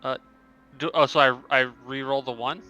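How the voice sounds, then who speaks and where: A man's voice: mid-range voice, fairly even intonation, normal speed, bright, forceful tone, lo-fi sound, soft background music. A man playing a tabletop game on a stream, chatty and playful, laughing often. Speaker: player. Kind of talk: casual tabletop game chat.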